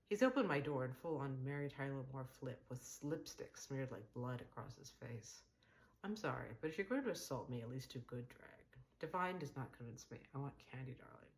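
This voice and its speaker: A woman's voice: a bass voice, animated, moderate pace. A woman voicing a gossipy, theatrical graying man who tells dramatic, complaining stories. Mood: dramatic gossip.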